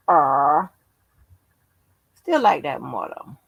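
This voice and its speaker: A woman's voice: low-pitched, sing-song, slow, no echo, low-quality recording. A sleepy woman hosting her channel, chatting casually in a drawling, profane, yawning way. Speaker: channel host. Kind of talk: casual late-night chat.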